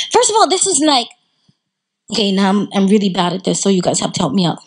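A woman with a Southern American accent giving a storytelling talk to a live audience, animated and conversational, drawing the listeners in. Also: medium pitch, fairly quick, pauses often, slightly rough, rough recording. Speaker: Islamic lecturer. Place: community center talk.

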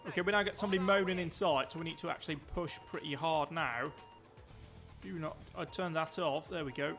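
A man giving excitable, chatty live commentary while he plays a game, joking to himself as he goes. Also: a little high, brisk, soft background music. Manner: excitable, talks loud, quips at himself. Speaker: streamer.

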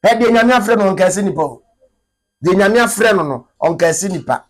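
Animated Ghanaian man commenting. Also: high-pitched, unhurried. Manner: emphatic, scolding.

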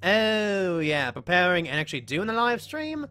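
A woman streaming a horror game live, chatting with viewers between playful in-character asides and breaking into excited yelps during chases. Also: on the low side, moderate pace, clear, resonant tone. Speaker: gaming streamer. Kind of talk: live game commentary with chat.

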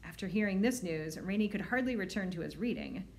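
A woman librarian reading a children's novel aloud, expressive and lively, with voices for the characters. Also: mid-range voice, a little fast.

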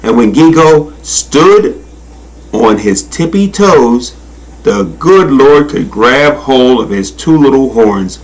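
A man reading a children's storybook aloud in a slow, expressive, sing-song manner. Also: medium pitch, poor audio. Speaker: narrator.

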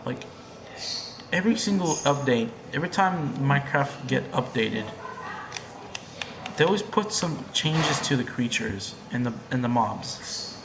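A young man giving casual gameplay commentary, excitable and profane, swinging between hushed muttering and loud yelling. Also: mid-range voice, unhurried, long pauses, reverberant, noisy background. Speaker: gamer.

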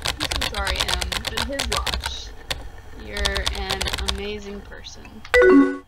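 A young woman reading and commenting through a chat game, soft and hesitant with many filler words. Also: medium pitch, a little slow, very noisy. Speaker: gamer. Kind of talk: let's play commentary reading chat aloud. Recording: loud game music underneath.

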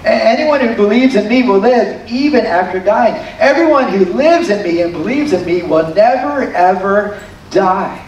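A calm, authoritative male teacher speaking in a slow, solemn, lowered voice, as a preacher takes him on. The sound is very echoey and distant, as in a large hall. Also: dull audio, a little hiss or hum.

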